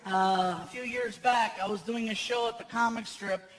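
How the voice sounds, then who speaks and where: High-voiced man doing stand-up. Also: normal speed. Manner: animated storyteller who acts out other characters' voices. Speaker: stand-up comedian. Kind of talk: stand-up comedy storytelling. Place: large theater with a live audience. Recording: live stage recording with audience noise.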